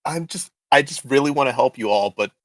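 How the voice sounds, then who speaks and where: A man voicing a secretive adult patron who dodges questions and speaks with quiet menace, recorded close and dry. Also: medium pitch, lively intonation, a little fast, no echo, lightly acted. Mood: defensive.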